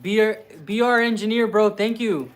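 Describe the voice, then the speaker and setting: A man's voice: high-pitched, fairly even intonation, normal speed, fairly bright tone. A man hosting a casual livestream, teasing his partner and rambling with many fillers. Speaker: vlogger host. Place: living in Russia.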